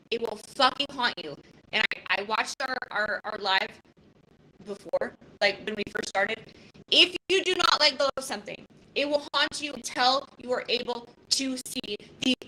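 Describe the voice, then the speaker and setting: A woman in her fifties talks on a live podcast, her voice bright and edged with tension. She is blunt and profane, circling back and restarting as emotion pushes close to tears. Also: a little high, low-quality recording. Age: 50s. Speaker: podcast host. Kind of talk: casual live podcast talk.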